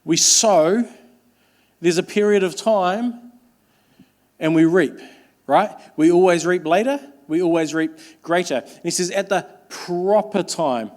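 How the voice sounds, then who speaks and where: A young man with a high, light voice preaches earnestly, leaning into repeated phrases and emphatic beats. He restarts his words often as he builds his point. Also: unhurried, long pauses, a little mellow. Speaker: pastor. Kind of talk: sermon.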